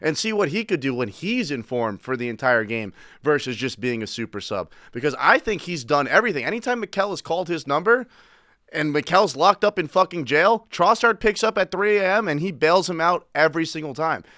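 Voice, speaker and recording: A man's voice: on the high side, animated, a little fast, bright, forceful tone, no echo, clean studio sound. An American man co-hosting a casual sports podcast, talking in brash, emphatic, profane hot takes. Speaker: podcast co-host.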